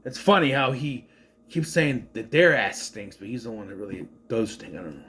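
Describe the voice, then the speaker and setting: A man giving a casual, profane movie review rant in an exasperated, animated way. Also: fairly low pitch, normal speed, a little hiss or hum.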